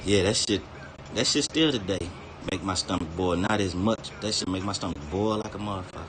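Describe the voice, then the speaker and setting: Man, low-pitched, swearing, rambling, casual rant, chuckling asides. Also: a little fast, background noise. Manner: profane, laughs between lines, digresses freely. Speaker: streamer.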